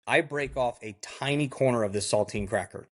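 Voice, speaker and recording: A man's voice: medium pitch, moderate pace. A man guest on a podcast, telling a story casually in the first person with blunt, vivid detail and many fillers. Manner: vivid, blunt retelling that acts out the quoted dialogue; frequent fillers like "like" and "I go".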